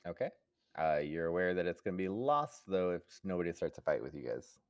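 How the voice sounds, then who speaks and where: A man's voice: sits low, expressive, brisk, smooth, dry recording, studio quality. A man running a live tabletop game as game master, in a loose, chatty way and often laughing.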